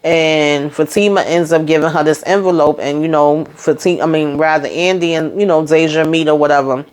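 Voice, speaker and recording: Animated woman recapping a TV episode. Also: fairly quick, smooth. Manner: animated retelling, acts out quotes with rising pitch. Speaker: TV recap YouTuber.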